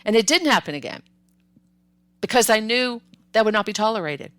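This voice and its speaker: An older woman hosting a parenting podcast, giving advice in a calm, firm, instructive way with repeated emphasis. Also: fairly high pitch, a little fast, clean tone, no echo.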